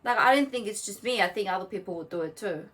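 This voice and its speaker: A woman co-hosting a casual podcast chat, animated and fidgety, who swears and laughs as she talks. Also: medium pitch, fast talker, far from the mic, poor audio. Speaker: podcast co-host.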